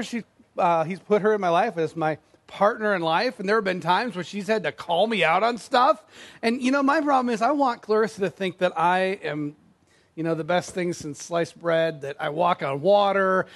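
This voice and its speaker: A middle-aged man preaching a sermon as a pastor, in a conversational, self-deprecating way, acting out quoted lines. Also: high-pitched.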